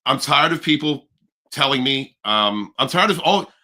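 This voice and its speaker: A man hosting a casual livestream chat, animated and profane, rambling with restarts. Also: mid-range voice, normal speed. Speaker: livestream host.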